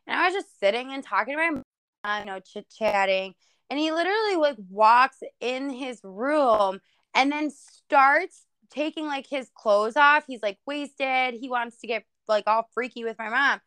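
High, clear-voiced woman podcast co-host. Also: lively intonation, moderate pace, fairly bright tone, no echo. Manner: incredulous, laughing, swears freely. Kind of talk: casual chat.

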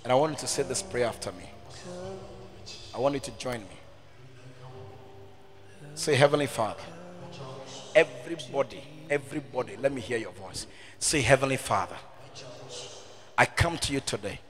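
A man, the pastor, leading a prayer and an altar call in church, swinging from hushed pleading to shouted appeals. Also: mid-range voice, normal speed, long pauses, in a large hall. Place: church service with music behind.

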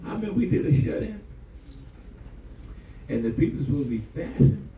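Heard from afar in an echoey room with background noise, this preacher's voice is on the high side, sing-song and mellow at a moderate pace. His sermon mixes humorous stories, folksy "y'all" phrasing and call-and-response.

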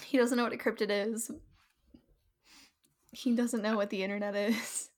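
A young woman co-hosting a podcast chats casually and laughs often; her family roots are in New Jersey. Her voice is a little high, with a level tone and normal speed.

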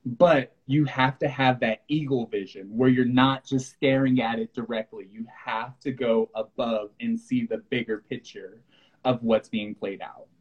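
A man's voice: mid-range voice, a little slow, breathy edge, muffled recording. A man co-hosting a podcast, chatting casually about spirituality and acting out his own reactions as he tells stories. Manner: animated storyteller who acts out his own reactions. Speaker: podcast co-host.

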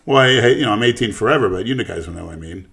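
A man co-hosting a crude, casual podcast chat, blunt and boastful, jumping louder when he stresses a point. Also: lowish voice, expressive, very fast, creaky. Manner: blunt, boastful, swings loud on emphasis. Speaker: podcast co-host.

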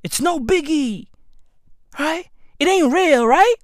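Boastful high-voiced woman ranting. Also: animated, slow, no echo, studio quality. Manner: boastful, slangy, shouty and laughing, calls listeners bruv. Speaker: comedic podcaster. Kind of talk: profane comedic rant monologue. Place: at home, neighbor's dog nearby.

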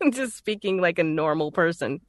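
A woman's voice: fairly low pitch, expressive, unhurried, no echo, clean studio sound. A woman from Texas with a Texan accent, a voice actor talking in a casual, chatty and easygoing way. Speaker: voice actor guest. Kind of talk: casual conversation.

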